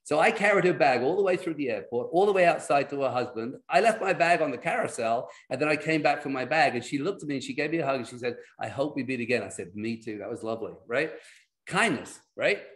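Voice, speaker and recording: A middle-aged man telling personal stories as a guest on a video call, in lively, animated storytelling. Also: fairly high pitch. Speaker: guest speaker.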